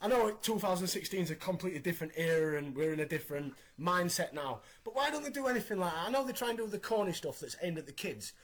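High-voiced man in his thirties hosting. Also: fast talker, few pauses. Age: 30s. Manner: animated, opinionated recapping. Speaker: podcast host. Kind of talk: casual podcast chat.

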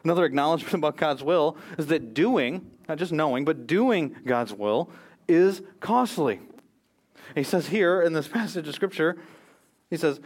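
A man's voice: on the high side, lively intonation, moderate pace. An American man preaching a sermon as pastor, earnest and emphatic, quoting scripture and speeches.

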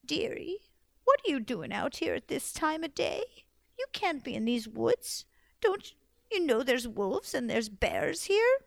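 A hushed, kindly little old woman , as a woman storyteller puts her on, coaxing and gentle. Her voice sits a little high and comes across close and dry. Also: big pitch swings, a little slow, gravelly, no echo, heavily acted. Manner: soft, coaxing, calls the girl sweetie.

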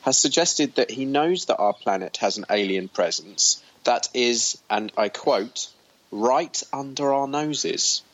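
A man's voice: on the low side, unhurried, few pauses, highs cut off. A man co-hosting a podcast from his hotel room, chatty and joking, with lots of ums. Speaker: podcast co-host. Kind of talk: casual chat.

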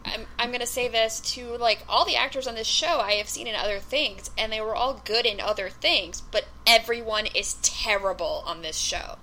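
A woman's voice: a little high, normal speed, hardly any pauses, bright, forceful tone, a little hiss or hum, low-quality recording. A woman co-hosting a casual TV review podcast, blunt and dry in her criticism. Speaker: podcast co-host.

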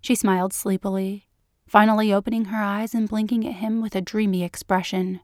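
Woman reading a story slowly, dry sound. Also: medium pitch, level tone, no room sound. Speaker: narrator. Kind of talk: scripted story narration.

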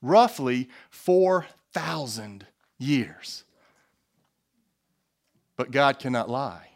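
A man preaching a sermon, stressing key phrases slowly and putting questions to the congregation, with jokey asides. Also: medium pitch, lively intonation. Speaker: pastor.

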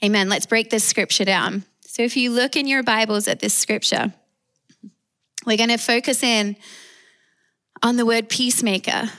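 A woman's voice: fairly high pitch, fairly even intonation, moderate pace, pauses often. A woman with an Australian accent preaching a sermon, emphatic, calling out for amens. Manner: warm, emphatic preaching with call-and-response amens.

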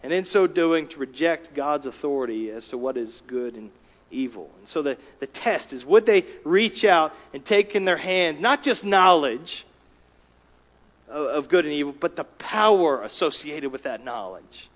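A man preaching a sermon, emphatic, rising in volume for key words and dropping low and quiet between them. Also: expressive, moderate pace. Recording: dull lo-fi sound.

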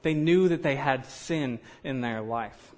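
A man's voice: medium pitch, takes it slowly, a little mellow. A man preaching a sermon in a conversational way, with joking asides and frequent "you know".

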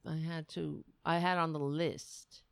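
A woman's voice: low voice, flat delivery, unhurried, vocal fry, no room sound. A middle-aged woman hosting a casual livestream, rambling and self-mocking as she chats to viewers and her cat. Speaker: livestream host.

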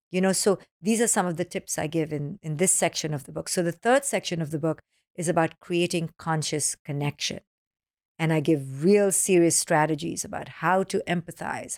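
A woman being interviewed as a parenting author, with a fairly low voice. She talks animatedly and slips into children's voices when quoting them. The recording is dry and close. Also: a little mellow, dry recording. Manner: explains with acronyms. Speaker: parenting author, podcast guest. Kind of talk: podcast interview.

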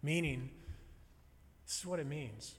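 A man preaching a sermon to a congregation, earnest and building to loud emphasis. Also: on the high side, a little slow, breathy edge. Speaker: pastor. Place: church sanctuary. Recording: long reverb of a large hall.

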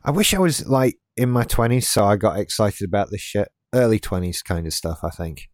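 Speaking briskly in a fairly low, animated voice, a man in his late thirties co-hosts a podcast. His casual chat is laid-back and rambling, with restarts and wry asides, and there's no room sound.

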